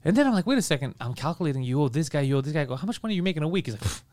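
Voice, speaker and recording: Fast-talking animated man. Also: on the high side, slight background noise. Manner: fast, animated, swears, quotes others with laughter. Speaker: podcast co-host. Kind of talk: casual storytelling banter.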